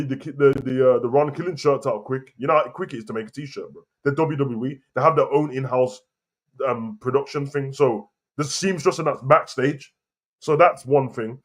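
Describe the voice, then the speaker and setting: Heated man ranting about wrestling. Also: medium pitch. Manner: heated, repetitive, argumentative. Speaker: wrestling commentary host. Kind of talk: casual opinion rant to camera.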